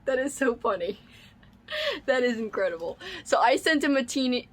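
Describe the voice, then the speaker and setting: Excitable woman vlogger with a fairly high voice for a casual home unboxing chat. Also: moderate pace. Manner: gushing, excitable, squeals and laughs often.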